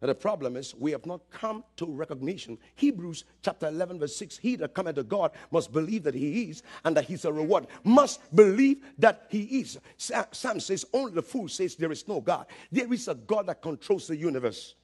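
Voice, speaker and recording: A man preaching with a high, husky voice. He builds up to fervent shouts and calls on the congregation to answer him. The delivery is that of a live church sermon. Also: very animated, fairly quick, hardly any pauses. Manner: impassioned, building to shouts, calls for audience response. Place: church service, streamed live.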